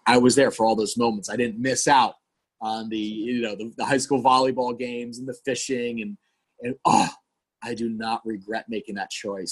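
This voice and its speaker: Husky-voiced pastor in his forties. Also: medium pitch. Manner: earnest, animated, acts out quoted dialogue. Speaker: pastor, podcast guest. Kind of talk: candid conversational storytelling.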